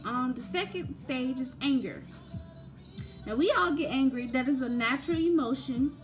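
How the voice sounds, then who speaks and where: A woman's voice: high-pitched, moderate pace. A young woman giving informal, conversational advice about grief, with frequent fillers. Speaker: grief talk presenter. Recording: faint background music.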